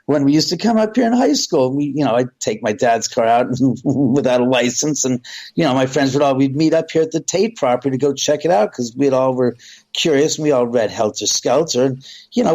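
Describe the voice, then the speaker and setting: A man's voice: mid-range voice, darkish tone, low-quality recording. A middle-aged man from Southern California, a radio interview guest, telling long rambling stories and acting out quoted dialogue. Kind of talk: casual storytelling on a radio interview.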